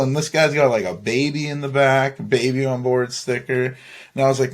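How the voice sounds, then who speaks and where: A man's voice: mid-range voice, little pitch movement, a little fast. A young man from Saskatchewan, Canada, hosting a podcast and rambling through a story with frequent laughs and swearing. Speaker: podcast host. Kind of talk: casual storytelling.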